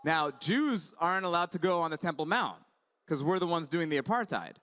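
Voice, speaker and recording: A man doing animated stand-up comedy on a conference stage, telling stories with voiced asides. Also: a little high, brisk. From Iran. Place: conference stage before a live audience.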